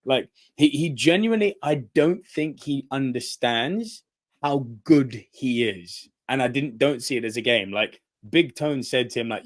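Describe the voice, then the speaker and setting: An energetic man in a casual podcast chat. He tells his story with animation, slips into the voices of the people he quotes, and laughs often as he talks. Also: medium pitch, normal speed. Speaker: podcast co-host.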